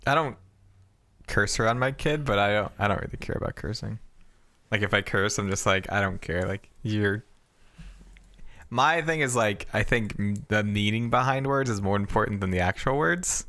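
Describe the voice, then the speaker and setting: A co-host with a bright voice and a wide pitch range, earnestly explaining their view in casual conversation. The delivery is loose and chatty. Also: animated, moderate pace. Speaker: podcast co-host. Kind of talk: casual chat.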